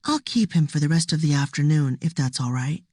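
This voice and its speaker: A woman's voice: low-pitched, expressive, a little fast, dark tone, slightly rough, no room sound, clean studio sound. A woman reading aloud as a polite older woman who has come to collect a student. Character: older white-haired woman fetching a student.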